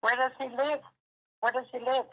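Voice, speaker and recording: Woman answering briefly with a gravelly voice. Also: sits high, level tone, normal speed, sharp tone, low-quality recording. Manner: brief, polite, puzzled. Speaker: prank call target. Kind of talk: phone conversation.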